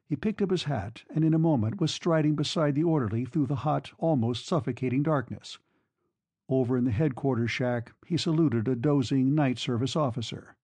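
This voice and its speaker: A man narrating a novel as an audiobook reader, in a measured way, lightly voicing the characters. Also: mid-range voice, lively intonation, warm tone, breathy edge, no echo. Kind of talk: scripted narration.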